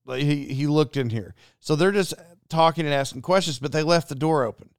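A man's voice: fairly high pitch, a little fast, clear, resonant tone, dry recording, studio quality. A man hosting a podcast, telling a casual story and acting out the voices of people in it. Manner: animated, acts out quoted dialogue. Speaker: podcast host.

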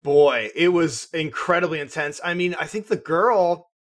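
A man in casual film talk, expressive, laughing often and mimicking characters. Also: fairly high pitch, normal speed.

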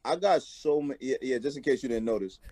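Earnest rapper guest, stumbling restarts. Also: male voice, mid-range voice, a crowd in the background. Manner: halting restarts, earnest, profane. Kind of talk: casual interview chat.

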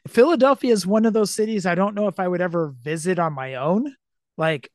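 A man co-hosting a podcast, sick with a cold, with a raspy voice and a laid-back, agreeable way of talking. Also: high-pitched, brisk, a little mellow, dry recording, studio quality. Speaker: podcast co-host. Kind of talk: casual chat.

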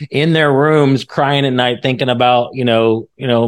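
A man hosting a faith podcast, talking in a relaxed, thoughtful way with many fillers. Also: medium pitch, moderate pace. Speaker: podcast host. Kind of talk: faith-based podcast conversation.

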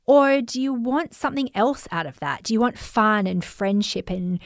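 A woman with an Australian accent hosting a podcast, telling stories in a chatty, animated way and acting out the voices of people she quotes. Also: on the high side, normal speed, no room sound, studio quality. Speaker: podcast host. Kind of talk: casual storytelling monologue.

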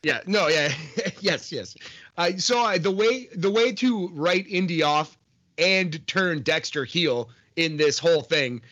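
A man with a bright, slightly high voice trades casual opinions on a wrestling show. He laughs often and restarts his sentences. His talk is loose and friendly. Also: expressive, slow pace, highs cut off. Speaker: podcast co-host. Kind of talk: casual wrestling review chat.

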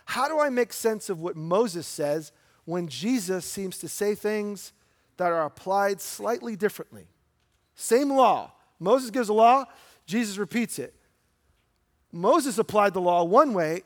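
A middle-aged man preaching a sermon in a church, conversational, asking rhetorical questions and slowing down for emphasis. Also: sits high, expressive. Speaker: pastor. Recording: long hall reverb.

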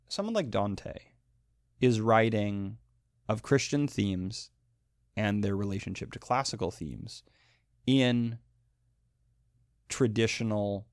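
A man teaching a lecture on poetry, animated and emphatic, who chants the rhythms of the lines aloud. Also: lowish voice, creaky, dry recording, clean studio sound.

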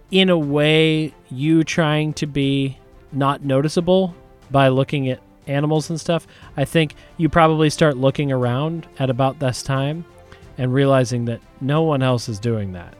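A man narrating as game master, describing the scene in a relaxed, hedging way. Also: fairly high pitch, measured pace, clean tone, soft background music. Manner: relaxed, descriptive, many hedges.

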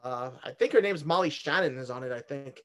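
A man's voice: medium pitch, animated, a little fast. A man in casual chat about a comedy sketch, hesitant and full of fillers. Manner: hesitant, many fillers and restarts.

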